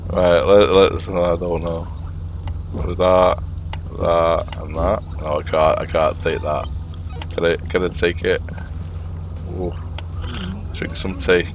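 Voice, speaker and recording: A man's voice: deep voice, level tone, takes it slowly, pauses often, noisy background. A man doing casual gameplay commentary, muttering to himself and repeating words as he plays at his computer.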